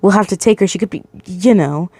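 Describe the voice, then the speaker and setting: A woman's voice: mid-range voice, fairly quick, dark tone, slightly rough, no echo. A woman reading a fan story aloud, voicing an impatient young male kidnapper in her own everyday voice.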